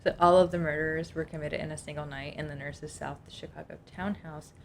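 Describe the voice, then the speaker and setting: A woman's voice: sits low, steady tone, fairly quick, noisy background. A woman co-hosting a casual podcast, reading from her notes and chatting between them. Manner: reads notes aloud, chatty, laughs easily. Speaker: podcast co-host.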